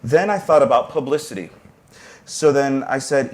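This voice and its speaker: A man's voice: medium pitch, normal speed. A man speaking on a panel as a university professor of arts entrepreneurship, earnest and motivational, with brief restarts. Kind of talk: panel discussion talk.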